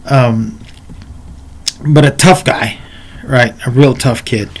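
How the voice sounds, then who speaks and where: A man's voice: mid-range voice, slow pace. A man telling a personal story in a casual, rambling way, speaking to the viewer in asides, as a martial arts instructor.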